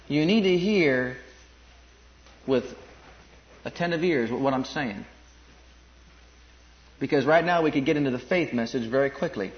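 A man preaches in a notably high voice, pressing his points by repeating phrases and rising to excited peaks. The recording is dull and lo-fi. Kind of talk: sermon.

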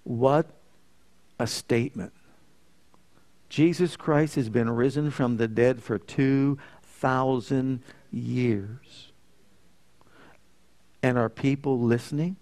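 A man preaching a sermon, asking rhetorical questions and swinging between loud emphasis and soft, low passages. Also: steady tone, slow, pauses often.

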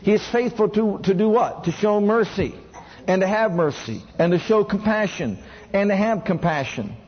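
A man's voice: high voice, expressive, normal speed, husky, muffled recording. A man preaching a sermon who keeps asking the congregation questions and has them repeat lines back to him.

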